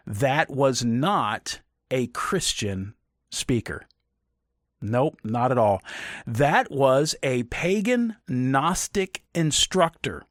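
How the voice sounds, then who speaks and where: A man's voice: medium pitch, no echo. Guy doing casual video commentary, bouncy voice, jokey, dry sound. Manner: animated, joking, self-interrupting.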